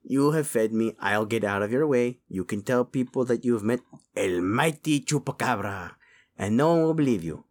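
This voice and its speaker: A man's voice: mid-range voice, animated, moderate pace, lightly acted. A man voicing a small, hungry male chupacabra who is cheeky and boastful, slipping Spanish words into his English. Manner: mixes Spanish words into English, whiny and pushy. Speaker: voice performer.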